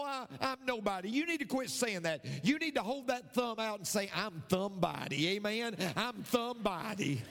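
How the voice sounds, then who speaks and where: Slow, emphatic preaching pastor. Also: male voice, high-pitched, long reverb tail. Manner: emphatic, repeats key phrases, quotes scripture. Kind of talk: sermon.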